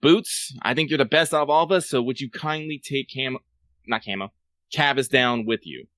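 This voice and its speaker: A man's voice: mid-range voice, brisk, a bit bright, no room sound. A man playing a tabletop game, giving orders to the group in a bossy, impatient way and swearing. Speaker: player. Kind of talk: casual tabletop play.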